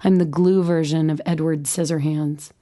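Woman, 40s, memoir reading, wry, self-deprecating, lowish voice. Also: steady tone, normal speed, warm tone. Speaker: memoir narrator, mother. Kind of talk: audiobook memoir narration.

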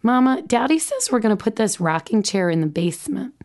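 An earnest eight-year-old boy, as a woman reading a memoir puts him on, sage and a little pleading. His voice sits well above the reader's own. It has a soft, mellow tone. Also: a little high, big pitch swings, a little fast, voice pushed up.

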